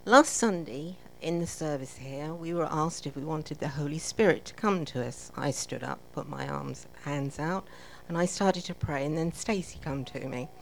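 A woman's voice: low-pitched, normal speed, creaky, hardly any pauses, a little hiss or hum, rough recording. A woman giving an emotional testimony at a church service, close to tears. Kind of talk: spoken testimony.

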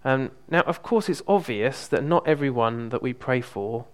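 Guy preaching, laid back and chatty, lots of ums and restarts, middle pitch. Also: normal speed. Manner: relaxed, hesitant, frequent ums and restarts. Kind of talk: conversational sermon with personal testimony.

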